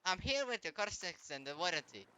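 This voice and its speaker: A man's voice: high voice, very animated, brisk, pushed and bright, clean tone. A man streaming a live game, commenting as he plays, taunting enemies in a mock-polite way and swearing often.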